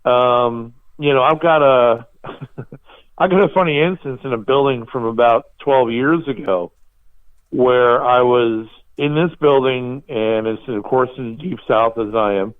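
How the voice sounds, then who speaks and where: A man hosting a podcast, telling animated stories and laughing at himself in casual chat. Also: mid-range voice, a little slow. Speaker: podcast host. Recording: tinny phone-like line.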